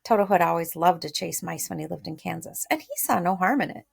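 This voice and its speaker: A woman's voice: lowish voice, animated, fairly quick, creaky, husky. A woman teacher reading a storybook aloud, chatty, stopping to explain words and share thoughts. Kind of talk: read-aloud lesson with commentary.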